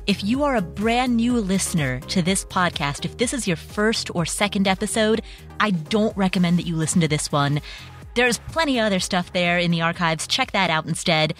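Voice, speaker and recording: A woman hosting her own podcast, talking on her own in a nervous, quick, self-deprecating way with small jokes. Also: mid-range voice, no echo. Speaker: podcast host. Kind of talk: personal solo podcast talk.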